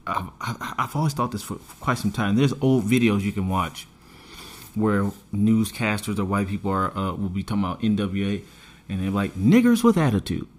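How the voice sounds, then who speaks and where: A man's voice: on the low side, normal speed. A man in a casual podcast chat, ranting emphatically and swearing freely. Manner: animated, profane, emphatic ranting.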